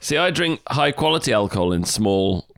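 A man's voice: mid-range voice, sing-song, normal speed, fairly bright tone, smooth, no echo. A man co-hosting a podcast, talking with a sore throat and trading dry, wry banter in casual chat. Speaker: podcast co-host.

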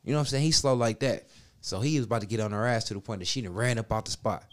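A man on a casual podcast telling a long profane story, acting out quotes and swinging between loud and soft. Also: fairly low pitch, rapid-fire. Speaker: podcast co-host. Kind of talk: casual chat. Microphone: studio mic.

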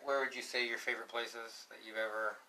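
A man's voice: mid-range voice, little pitch movement, fairly quick, bright, forceful tone, slight background noise. A man co-hosting a podcast in casual chat, jumping in with questions and joking riffs on words. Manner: jokey, interjects and riffs on words. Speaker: podcast co-host.

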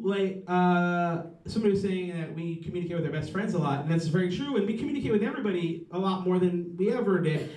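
A man in his thirties performs a stand-up set in a high, light voice, rambling and swearing as he stumbles through restarts and mocks himself. He sounds a bit far from the mic, with a roomy echo. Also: darkish tone. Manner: rambling, profane, self-mocking, halting with many restarts. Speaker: stand-up comedian. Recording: roomy, mic heard from a distance.

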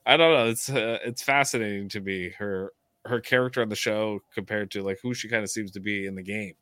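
A man co-hosting a casual reality-TV chat. He talks in an animated way and laughs often. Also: fairly low pitch, a little fast, dry recording. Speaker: podcast co-host.

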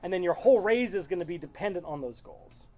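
A woman's voice: fairly low pitch, expressive, fast, dark tone. A woman leading a small-group Bible study, reading verses aloud and explaining them in a loose, conversational way.

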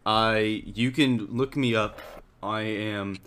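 A young man co-hosting a casual podcast, joking in a mock-defensive, drawn-out deadpan way. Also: lowish voice, slight background noise. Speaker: podcast co-host.

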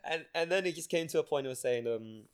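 Lively young London man telling a story. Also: on the high side, fairly quick, clear, resonant tone. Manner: animated, laughing, acts out quoted dialogue. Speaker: podcast co-host. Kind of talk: casual storytelling chat.

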